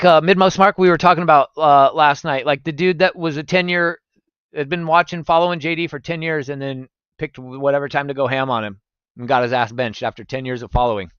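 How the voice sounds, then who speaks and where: A man's voice: mid-range voice, clear, resonant tone, no echo, muffled recording. A young man streaming live, chatting casually with his viewers and swearing freely. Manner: animated, swearing, talks to chat. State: recovering from gallstones.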